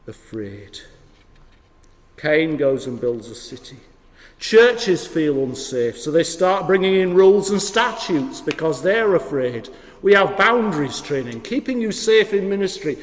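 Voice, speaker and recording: Vicar preaching, slightly high voice, lively then goes quiet for the big lines, long church echo. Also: male voice. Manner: animated, wry storytelling with sudden drops to hushed emphasis. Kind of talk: sermon. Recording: long hall reverb.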